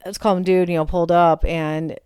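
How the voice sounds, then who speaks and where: Lower-voiced lady in her 40s rambling through a story, animated, corrects herself a lot, smooth tone. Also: brisk, no room sound, clean studio sound. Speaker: vlogger. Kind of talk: casual storytelling chat.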